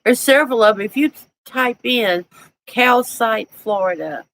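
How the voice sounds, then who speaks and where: A woman's voice: on the high side, a little slow, fairly bright tone, rough recording. Southern US woman, live stream host, chatty and folksy, laughs a lot, faint background noise. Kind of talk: casual live chat, reading viewer comments.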